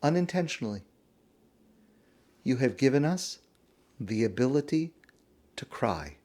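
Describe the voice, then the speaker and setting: A man's voice: medium pitch, big pitch swings, a little slow, a little mellow. A man voicing an earnest, heartfelt sixteen-year-old boy within a story he is telling, speaking with rising emphasis.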